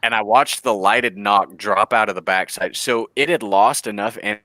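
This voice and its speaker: A man, telling hunting stories in a casual, animated chat, laughing and acting out quotes. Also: lowish voice, moderate pace, no echo. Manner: animated, laughing storyteller who acts out quotes. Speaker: bowhunter guest.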